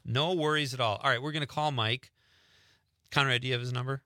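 A man's voice: mid-range voice, steady tone, fast, bright, forceful tone, dry recording. A man hosting a radio show in casual chat, talking loosely and laughing easily. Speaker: radio host.

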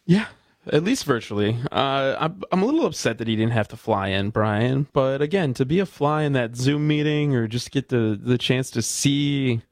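A man's voice: mid-range voice, animated, normal speed, no room sound, clean studio sound. A man co-hosting a casual radio talk show, affable and newsy in manner. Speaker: co-host.

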